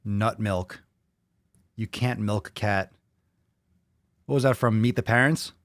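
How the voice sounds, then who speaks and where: A man's voice: lowish voice, slow pace, no echo. A man hosting a podcast, reading viewer comments aloud and reacting to them bluntly, with a lot of swearing. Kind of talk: casual chat.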